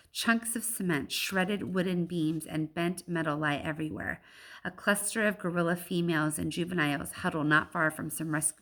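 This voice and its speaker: A woman with a lowish voice reads a children's novel aloud. Her telling is lively, and now and then she breaks off into chatty asides. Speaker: audiobook reader.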